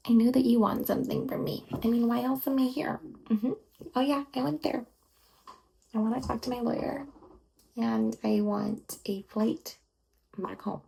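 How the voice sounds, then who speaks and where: A woman's voice: on the high side, fairly even intonation, normal speed, gravelly, long pauses, warm tone, slight background noise, poor audio. A woman in a whispered role-play, talking in a defiant, indignant, rambling way. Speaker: ASMR role-play host.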